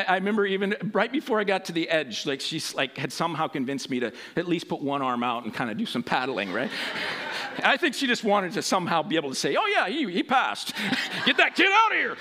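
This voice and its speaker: A man preaching a sermon, telling a personal story in an animated way and acting out voices. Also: high-pitched, a little hiss or hum.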